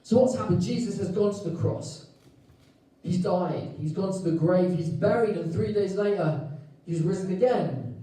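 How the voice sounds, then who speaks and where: Welsh guy preaching a sermon, high voice, dark tone, lively joking storyteller. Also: moderate pace. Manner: lively storytelling with acted-out quotes and jokes. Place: church hall. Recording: echoey hall, mic at a distance.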